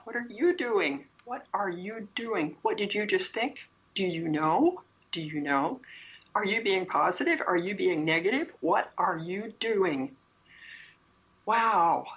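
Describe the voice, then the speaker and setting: A woman's voice: medium pitch, a bit bright. A woman, a shaman and spiritual teacher, telling a personal story in an interview, earnest and emphatic, often repeating her phrases. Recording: dull lo-fi sound.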